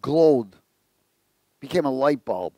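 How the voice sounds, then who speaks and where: A man's voice: mid-range voice, lively intonation, slow, a little mellow, no echo. A man preaching a conversational sermon, telling jokes and asking the congregation questions. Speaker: pastor.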